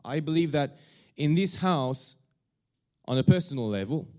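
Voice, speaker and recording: A male pastor preaching a sermon, talking in a halting way with many restarts and fillers. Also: a little high, lively intonation, a little mellow.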